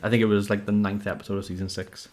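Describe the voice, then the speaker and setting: A man's voice: on the low side, little pitch movement, fast talker, a little mellow. A man hosting a casual home podcast, rambling through his points with many fillers and frequent laughs. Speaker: podcast host. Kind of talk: casual chat. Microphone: audio-only podcast mic.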